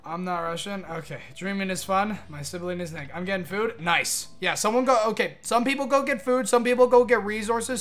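Bright-voiced excitable young male streamer. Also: sits high. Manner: excitable, swears, thanks chat often. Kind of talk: live gaming stream chatter.

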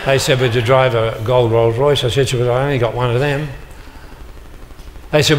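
A man's voice: medium pitch, steady tone, normal speed, slight background noise. An older man giving a motivational talk to a live audience, telling stories and acting out the dialogue with punchy comic timing. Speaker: motivational speaker. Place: large hall before an audience. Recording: live hall recording with long reverb.

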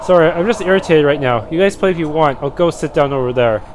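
A man's voice: a little high, quick pace, a little hiss or hum, natural voice. A man voicing an irritated teen girl. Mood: sullen. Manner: curt, annoyed pleading. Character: irritated, withdrawn teenage girl.

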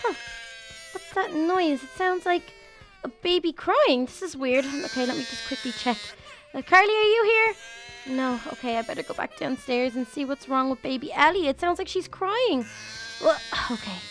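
A young woman narrating a game role-play in an animated, exclaiming, motherly way. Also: sits high, moderate pace.

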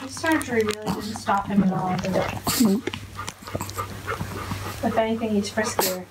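A woman's voice: medium pitch, moderate pace. A woman hosting a casual home vlog, chatting to viewers and her dogs in the kitchen. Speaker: vlog host. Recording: noisy home recording.

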